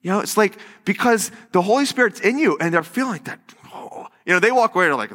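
Quick and high-pitched, a male pastor's sermon fills a big-sounding church sanctuary. He narrates with lively energy, acting out the lines he quotes.

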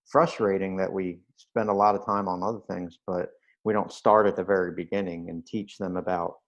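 Low-voiced man, earnest and lo-fi. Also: fairly even intonation, moderate pace. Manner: earnest, explanatory, dry humor. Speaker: guest, fitness author. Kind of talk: podcast interview.

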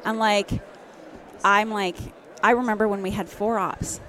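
A woman's voice: medium pitch, steady tone, unhurried, background noise. A woman dental office manager chatting casually, laughing often and telling stories animatedly. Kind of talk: casual chat. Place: conference booth.

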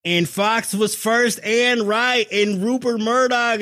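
A man's voice: very high voice, steady tone, takes it slowly, few pauses, bright, forceful tone. A man co-hosting a podcast over a video call, talking in a casual, profane, sarcastic way and laughing often. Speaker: podcast co-host. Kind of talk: casual political chat.

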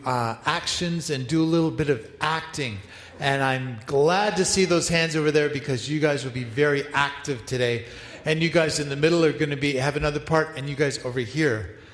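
A man's voice: on the high side, a bit bright. A male pastor leading an interactive Bible story for his church, upbeat and playful as he directs the congregation. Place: large church hall. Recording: echoey hall, long reverb.

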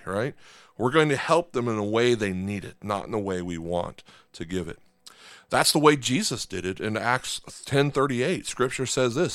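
A man's voice: medium pitch, normal speed, fairly bright tone, dry recording, studio quality. A man, a pastor, preaching a conversational sermon and checking in with his listeners. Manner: conversational, asks the congregation for agreement.

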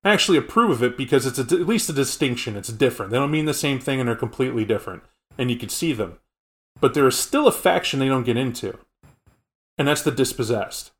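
Mid-pitched male podcast co-host, casual and explanatory. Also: lively intonation, fast. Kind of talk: casual tabletop game lore chat.

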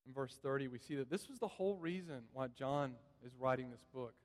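A man's voice: medium pitch, brisk. A man preaching a sermon in a church, earnest and repeating key phrases for emphasis. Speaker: pastor. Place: church sanctuary. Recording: long reverb of a church hall.

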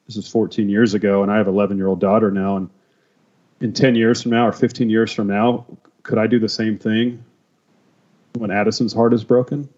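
A man telling his personal testimony as a podcast guest, emotional and halting, with many restarts. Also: lowish voice, little pitch movement, darkish tone, lo-fi sound.

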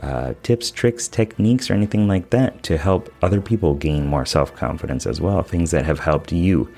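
A man's voice: low voice, normal speed, creaky, darkish tone. A man who works as a life coach, talking through a self-help podcast episode in an earnest, casual way with lots of fillers.

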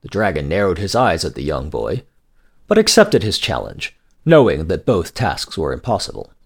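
A man narrating a scripted folk tale in a measured storytelling manner. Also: low voice, huge pitch swings, slightly rough.

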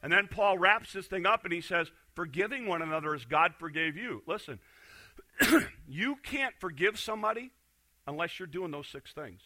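A middle-aged man preaching with a very bright, forceful voice pitched a little high. He swings from loud emphasis down to quiet intensity and often restarts his words. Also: expressive, moderate pace. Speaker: pastor. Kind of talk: sermon.

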